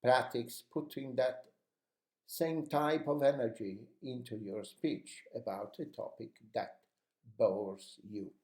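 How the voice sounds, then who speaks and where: A man's voice: mid-range voice, fairly even intonation, takes it slowly, darkish tone, roomy sound. A man teaching how to speak English with energy, giving encouraging advice in an instructional lesson. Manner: encouraging, coaching tone.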